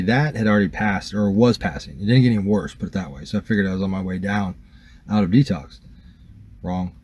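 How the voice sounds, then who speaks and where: A man's voice: lowish voice, darkish tone, breathy edge. A man telling a rambling, profane first-person story to his camera as a vlogger, filled with likes and ums. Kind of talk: casual first-person account.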